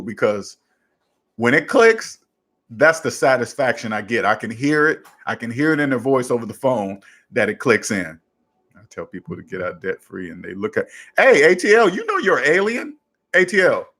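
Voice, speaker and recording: A personal finance coach hosts a casual show in a medium-pitched, fairly bright voice, advising a listener emphatically and repeating one simple formula over and over.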